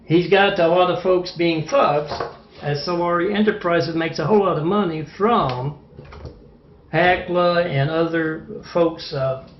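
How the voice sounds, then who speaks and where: A man delivering an agitated, rambling monologue, halting often with fillers. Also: on the high side, steady tone, slight background noise. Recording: echoey, muffled lo-fi room recording.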